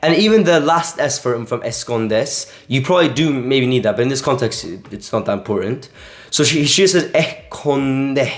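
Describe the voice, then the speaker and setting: A young man teaching casually in a vlog, rambling with lots of filler words. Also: mid-range voice. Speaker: language coach. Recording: echoey room.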